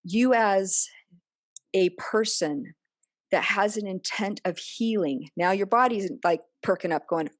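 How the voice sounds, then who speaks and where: A woman's voice: medium pitch, takes it slowly, no echo, studio quality. A woman speaking earnestly as a podcast guest, often acting out remembered dialogue in other voices. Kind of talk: personal interview conversation.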